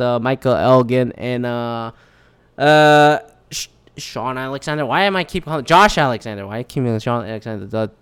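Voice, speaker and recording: A man with a medium-pitched, clean voice and no echo rants casually about a live wrestling show. He's animated, swears a lot, and acts out what people said.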